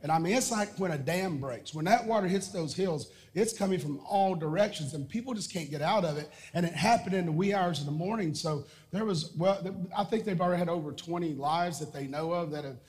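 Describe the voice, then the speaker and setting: Male pastor with a high voice, preaching emphatically to a congregation; echoing sanctuary. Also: a little mellow. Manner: emphatic preaching, drawn-out repetition. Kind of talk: sermon with prayer and call-and-response. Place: church sanctuary. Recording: church hall reverb.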